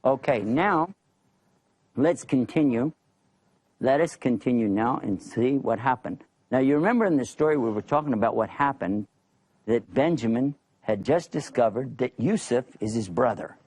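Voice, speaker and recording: A man casually telling a religious story in an animated, chuckling way. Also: mid-range voice, normal speed.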